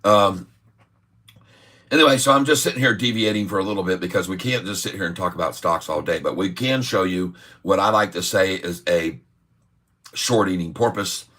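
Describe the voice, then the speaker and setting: Rambling, jokey stock-stream host with a bright voice. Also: male voice, low-pitched, normal speed. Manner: rambling and jokey, drifts between topics. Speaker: day-trading livestream host. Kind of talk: casual livestream stock commentary.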